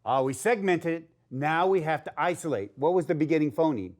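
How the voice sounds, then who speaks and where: A man's voice: a little high, animated. A man teaching a phonics lesson to young children, sounding out letters and cheering them on. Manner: slow, sounding out letters, upbeat and encouraging.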